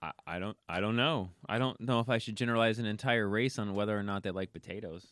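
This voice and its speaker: A man co-hosting a radio show, running the segment in quick, casual conversation. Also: fairly low pitch, fairly bright tone, dry recording, studio quality. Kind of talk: casual on-air banter.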